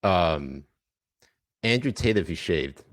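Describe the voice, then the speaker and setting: A man hosts a casual comedy podcast, speaking in a deep, low register. His delivery is loose and jokey, and his sentences trail off into fillers. The sound is dry and close. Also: expressive, slow pace, fairly bright tone, no echo. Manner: joking, loose, many fillers. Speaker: podcast co-host.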